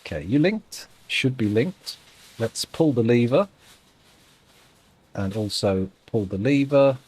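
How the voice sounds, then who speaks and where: A man's voice: mid-range voice, animated, slow pace, darkish tone, breathy edge. A man streaming a game, chatting casually and thinking aloud with dry, self-mocking asides. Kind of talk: casual live-stream commentary while playing.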